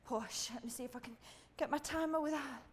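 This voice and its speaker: A woman's voice: high-pitched, brisk. A woman leading a workout as fitness instructor, breathless, counting reps and pushing the listener hard, wearing a clip-on mic. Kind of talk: workout coaching.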